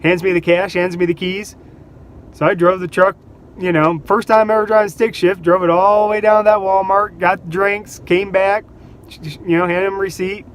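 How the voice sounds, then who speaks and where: A man vlogging, telling casual stories in an animated way, laughing between anecdotes and acting out what people said. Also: high-pitched, moderate pace, slight background noise. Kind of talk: casual storytelling.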